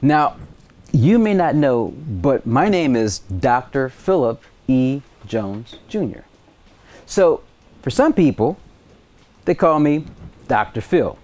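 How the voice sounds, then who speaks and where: Slow, animated male science teacher. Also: mid-range voice. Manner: animated storytelling with playful voices for quoted people. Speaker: high school science teacher. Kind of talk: video science lesson.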